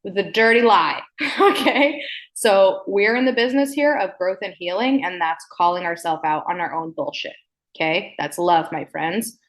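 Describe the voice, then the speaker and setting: Speaking slowly and emphatically on purpose, a woman hosts a self-help podcast in a fairly low voice. Her manner is playful and frank, with casual cursing and repeated "okay?" to check in with listeners.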